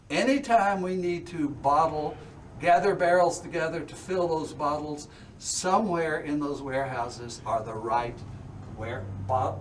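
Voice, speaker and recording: A man leading a distillery tour for a group, folksy and chatty, often checking in with the listeners. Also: a little high. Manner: folksy, checks in with "okay?" and "all right?". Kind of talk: guided tour talk to a group. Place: distillery warehouse and tasting room. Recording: distant and noisy tour recording.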